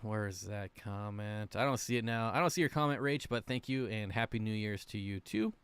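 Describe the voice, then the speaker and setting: A man's voice: on the low side, brisk, a bit bright, clear, resonant tone. A man hosting a casual livestream about aquarium fish, reading viewer comments aloud in a chatty, rambling, self-deprecating way. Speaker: aquarium channel host.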